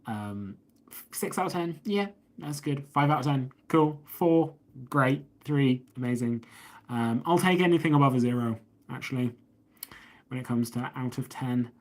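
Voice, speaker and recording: A man's voice: medium pitch, unhurried. An English man hosts a casual live stream, talking into a phone he holds up. He rambles from one viewer comment to the next, reading each one aloud before answering it. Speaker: host of a live stream about watches. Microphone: phone held up.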